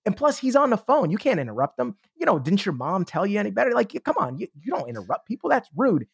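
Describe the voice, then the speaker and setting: A man voicing his own nagging inner voice of doubt, scolding himself in a quick, mocking tone. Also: sits high, huge pitch swings, vocal fry, breathy edge, no echo, clean studio sound, voice pushed up, exaggerated voice.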